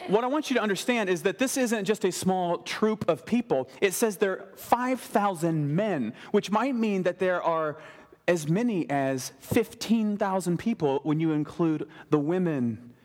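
Animated male pastor in a reverberant hall. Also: high-pitched, normal speed. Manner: animated, acts out biblical characters in casual modern speech. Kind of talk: sermon.

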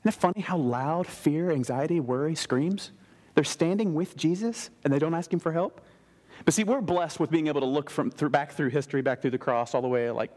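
A male pastor delivers an animated sermon and keeps slipping into casual modern voices to act out the people in the story. His voice sits a little higher than most men's. The sound carries the long reverb of a large church hall. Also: a little fast. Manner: animated, acts out biblical characters in casual modern speech.

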